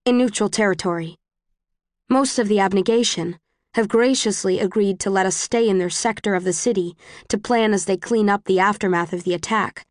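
A woman reading the lines of a cold, bitter middle-aged woman who leads rebels, in a cool, measured audiobook voice. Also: mid-range voice, no room sound, studio quality, close to an everyday voice.

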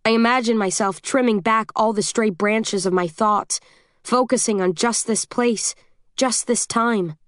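A woman narrating a first-person audiobook in a steady, measured, tense way. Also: fairly high pitch, no room sound, clean studio sound.

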